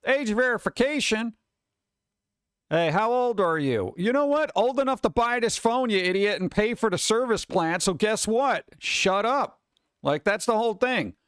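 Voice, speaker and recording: A man chatting casually on a stream, reading headlines and memes aloud and answering them with sarcastic, animated asides. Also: high-pitched, moderate pace, clear, resonant tone, no echo, clean studio sound. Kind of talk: casual live-stream chat.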